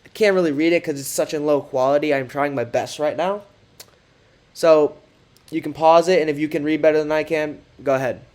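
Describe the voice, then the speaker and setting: A man's voice: on the high side, fairly even intonation, a little fast, darkish tone. A man giving casual commentary, reading out text messages in a sarcastic, mocking way. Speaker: commentary creator.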